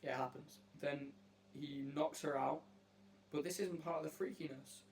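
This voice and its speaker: A brash man with a slightly high voice talks in a casual, mock-serious way, weighing strangers' stories like a judge. A faint hum runs underneath the recording. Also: steady tone, normal speed, a little mellow. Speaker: host asking strangers on a video chat app. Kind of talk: casual joking commentary.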